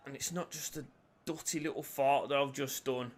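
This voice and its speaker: A young man commentating his own football video game, swinging from low mutters to loud shouts and cheeky jokes. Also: steady tone, moderate pace. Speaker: gaming YouTuber.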